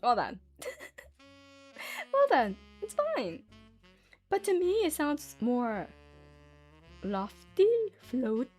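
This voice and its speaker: A woman's voice: high-pitched, very animated, drawn-out words, pauses often, a little mellow, faint music behind. A woman streamer chatting casually with her viewers, giggly and full of fillers.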